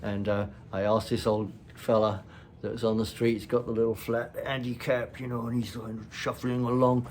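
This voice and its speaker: A man's voice: mid-range voice, little pitch movement, moderate pace, slight background noise. A man with an upper-class English accent telling rambling stories on his vlog in a chatty way, full of fillers. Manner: chatty, laughs often, filler-heavy. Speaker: vlog host. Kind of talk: rambling anecdotal storytelling.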